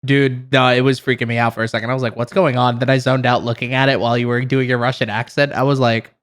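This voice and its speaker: A man's voice: medium pitch, level tone, fast, fairly bright tone. Easygoing young man co-hosting a podcast. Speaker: podcast co-host. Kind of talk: casual chat.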